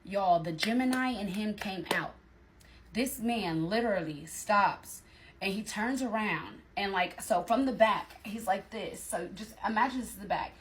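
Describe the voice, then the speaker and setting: A young adult woman telling a personal story to her viewers in a casual, slangy, animated way, often acting out what people said. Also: mid-range voice, a little slow. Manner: animated, slangy, talks straight to viewers and acts out quoted lines. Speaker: storytime vlogger.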